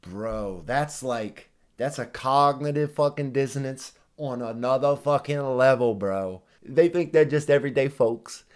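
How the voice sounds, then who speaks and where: This reaction-video host is a man whose medium-pitched voice keeps a measured pace with few pauses. His profane commentary is a sarcastic, heated rant full of constant cursing and mocking side comments. He parodies others using exaggerated voices.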